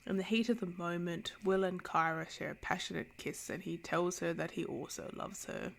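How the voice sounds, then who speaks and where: A woman giving a candid, sarcastic and animated casual book review, summing up a novel and judging it. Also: lowish voice, moderate pace, creaky, few pauses.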